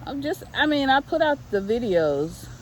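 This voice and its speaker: Her voice is high and sing-song, moving at a moderate pace, as this middle-aged woman vlogs on foot through a residential neighborhood. Breathless, she gives casual motivational talk, pressing the same points again and again like a sermon. The outdoor recording carries faint traffic and street noise.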